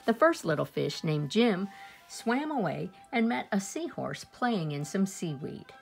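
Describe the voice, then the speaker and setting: A woman reading a children's picture book aloud, expressive, with small asides to her listeners. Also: medium pitch, a little slow, creaky, soft background music. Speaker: storyteller.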